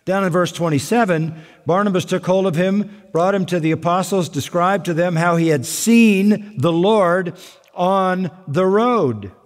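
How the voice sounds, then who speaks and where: Emphatic preaching man in a reverberant hall. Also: high-pitched. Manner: emphatic preaching, slows down for weight. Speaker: pastor. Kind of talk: sermon.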